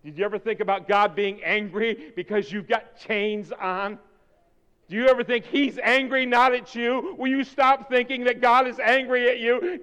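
A male preacher gives a passionate sermon, dropping to near-hushed intimacy and then rising to urgent calls. His voice is high and smooth, and it rings out with a long reverb around a large hall. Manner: fervent, swings between quiet intimacy and shouting.

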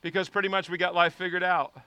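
A male pastor preaching with a high, bright, clear voice. He swings between hushed prayer and shouted appeals. The sound is dry and close, with no room echo. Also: flat delivery, fast talker. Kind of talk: sermon.

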